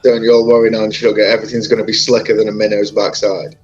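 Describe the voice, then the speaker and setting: A man's voice: fairly low pitch, little pitch movement, fast, darkish tone, slightly rough, highs cut off, faint music behind. A man voicing a reassuring chatbot. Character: folksy Southern chatbot, male.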